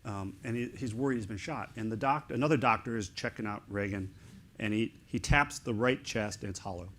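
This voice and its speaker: A middle-aged male author, appearing as an interview guest, tells a story in lively, excited bursts of short fragments. His voice is fairly low and fairly quick, with a slight hiss or hum in the recording.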